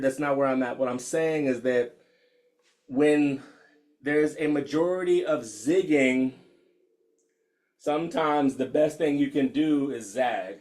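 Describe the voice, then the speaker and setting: A U.S. meditation teacher in his 50s speaks slowly in a mellow, mid-range voice with long pauses. Over a video call he reads out attendees' comments, talking casually and candidly and laughing often.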